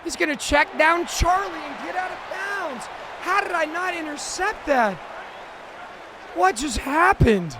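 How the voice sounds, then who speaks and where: A man with a high voice calls his own game plays with excited, shouting energy, like a streamer reacting live. Loud stadium crowd and game noise from the video game fill the background behind him. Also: normal speed. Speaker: gaming streamer. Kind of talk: excited gameplay commentary.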